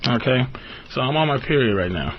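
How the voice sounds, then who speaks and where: A man hosting a call-in radio show, ranting comically and profanely, jumping into high squeaky outbursts and laughing often. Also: very animated, fairly quick, a little hiss or hum. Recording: dull lo-fi radio broadcast.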